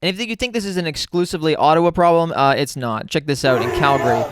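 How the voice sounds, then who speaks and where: A young man giving sarcastic, profane reaction commentary over clips, with quick mocking asides. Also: fairly high pitch, a crowd in the background, noisy background. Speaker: commentary vlogger.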